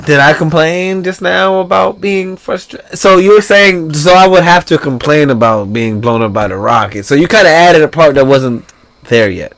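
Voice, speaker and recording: A man's voice: on the high side, expressive, moderate pace, creaky, a bit bright. A man hosting his own podcast, bantering playfully and sarcastically with his co-host. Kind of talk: casual banter.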